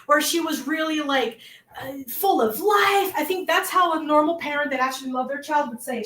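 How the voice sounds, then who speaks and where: A woman with a Massachusetts accent chatting about a true-crime case, animated and worked up, swearing at times. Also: high-pitched, a little fast. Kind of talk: casual true-crime chat.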